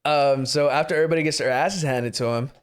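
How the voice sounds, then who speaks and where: A man's voice: fairly high pitch, fast talker, smooth. Laughing, swearing man recapping a movie. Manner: laughs often, swears freely, rambling retelling. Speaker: podcast co-host. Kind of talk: casual movie recap chat.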